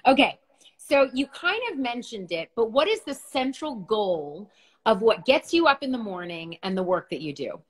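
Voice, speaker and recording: A woman's voice: a little high, very animated, moderate pace, husky. A middle-aged woman hosting a casual livestream chat from her phone, bubbly and chatty, laughing often. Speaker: livestream host.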